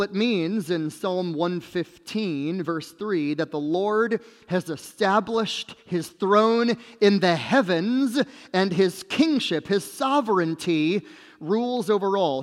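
Male pastor, high-pitched, unhurried emphatic sermon delivery, church sanctuary with long reverb. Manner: emphatic preaching, slow and deliberate, dropping low at phrase ends.

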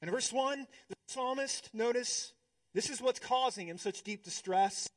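A male pastor with a very high voice preaches, swinging between hushed, slow passages and emphatic, rising ones.

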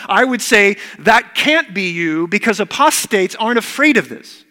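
A man's voice: high voice, lively intonation, normal speed, hardly any pauses, sharp tone, in a large hall. A man preaching a sermon as pastor, earnest and emphatic, repeating key words.

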